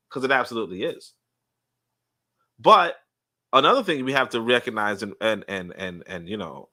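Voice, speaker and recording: Bright-voiced man ranting on a livestream. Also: mid-range voice. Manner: rambling, with many restarts, and blunt cursing. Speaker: podcast host. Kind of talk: livestream commentary monologue.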